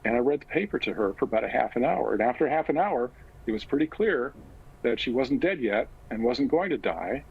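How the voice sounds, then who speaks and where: A man talking as a guest in an interview, recounting a personal story in a halting, reflective way with frequent pauses. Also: medium pitch, expressive, vocal fry, slightly rough, phone-quality sound. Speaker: guest author.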